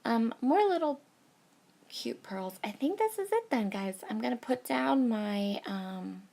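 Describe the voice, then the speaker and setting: A woman in her thirties, hoarse from a cold, chatting casually and gushing over cute things while she works on a scrapbooking project. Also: fairly high pitch, lively intonation, unhurried, mellow. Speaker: scrapbooking crafter. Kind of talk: casual crafting tutorial chat.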